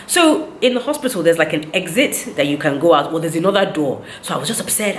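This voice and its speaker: Woman in her thirties, deep voice, animated storytelling vlog, echoey room. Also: fast talker, few pauses, a little hiss or hum. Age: 30s. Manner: animated, indignant retelling with quoted dialogue. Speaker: vlogger.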